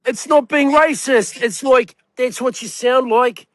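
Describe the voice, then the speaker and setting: A middle-aged man, a guest telling stories in casual chat, excitable and blunt. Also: extremely high pitch, unhurried, no room sound. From New Zealand. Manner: excitable storyteller, blunt and candid.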